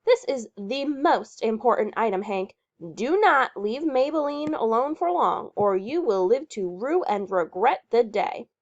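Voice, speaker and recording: A woman's voice: a little high, expressive, measured pace, few pauses. A woman doing a bossy folksy country lady. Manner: fussy, lecturing, country-talking. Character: bossy folksy middle-aged woman horse owner. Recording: muffled lo-fi recording.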